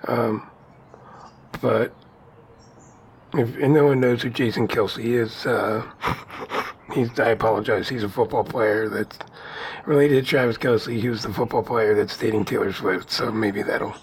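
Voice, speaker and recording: A man's voice: on the low side, steady tone, a little slow, long pauses, slight background noise. A man co-hosting a podcast in casual, rambling conversation, often laughing. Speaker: podcast co-host.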